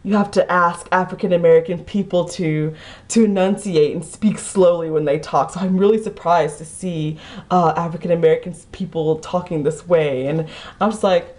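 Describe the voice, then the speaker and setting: Young adult woman, Kentucky accent, slightly low voice; casual rambling vlog storytelling. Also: steady tone, moderate pace, a little mellow. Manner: rambling, many restarts, lots of "like". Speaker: vlogger.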